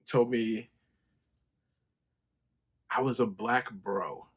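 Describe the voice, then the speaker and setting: A man hosting his own podcast, telling a story in a loose, profane monologue and jumping high when he quotes himself. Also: fairly even intonation, drawn-out words, husky. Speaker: podcast host. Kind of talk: casual solo podcast monologue.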